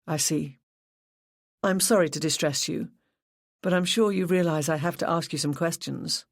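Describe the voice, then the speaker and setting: Narrator playing a calm woman detective, polite, persistent, a touch lifted, dry read. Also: low-pitched, moderate pace, no echo. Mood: probing. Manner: polite, gently persistent questioning. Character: patient, probing woman detective. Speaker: police detective.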